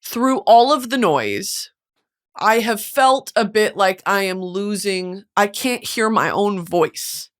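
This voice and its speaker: A woman's voice: medium pitch, animated, slow pace. A woman in her twenties hosting her podcast alone, talking earnestly and emotionally about being burnt out. She swears freely and fills her talk with "like". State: burnt out, close to tears. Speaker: podcast host. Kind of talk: candid solo podcast monologue.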